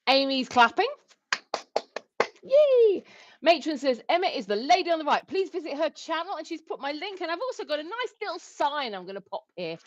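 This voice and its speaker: A woman's voice: high-pitched, big pitch swings, quick pace, few pauses, muffled recording, background noise. A woman co-hosting a livestream, chatting casually and reading out viewer comments. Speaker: livestream co-host.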